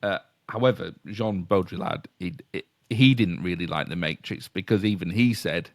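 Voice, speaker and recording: A middle-aged Yorkshire man with a fairly low voice chats on a podcast. He rambles and restarts, chuckling as he explains. The sound is dry and close to the mic. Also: normal speed, gravelly, no echo. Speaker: podcast co-host. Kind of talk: casual chat.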